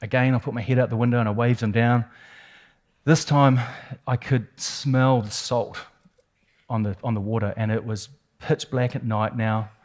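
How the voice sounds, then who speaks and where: A man's voice: mid-range voice, fairly even intonation, normal speed, a little mellow. A man with a New Zealand accent tells a personal story to an audience in a mid-range voice. He builds suspense with vivid detail and emphatic repeats, like a seasoned keynote speaker. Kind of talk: dramatic personal storytelling talk.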